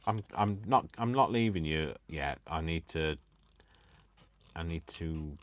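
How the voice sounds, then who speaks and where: A man's voice: extremely low pitch, expressive, slow. A man hosting a live crafting stream, chatting casually and making fun of himself as he cuts paper. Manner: chatty, self-mocking, jokes to himself and the viewers. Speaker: crafting channel host.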